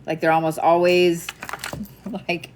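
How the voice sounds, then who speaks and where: A woman's voice: lowish voice, monotone, measured pace, darkish tone. A woman giving live psychic readings, casual and chatty, laughing and swearing now and then. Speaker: psychic medium.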